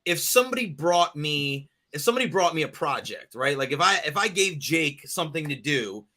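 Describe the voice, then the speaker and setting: Bright animated male podcast co-host. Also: a little high, a little fast. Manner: animated, laughs often, many fillers. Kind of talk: casual chat.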